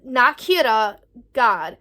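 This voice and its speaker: Rambling young woman, slightly high voice. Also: takes it slowly. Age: 20s. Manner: rambling, swears freely, animated reactions. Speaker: book vlogger. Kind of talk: casual reading review.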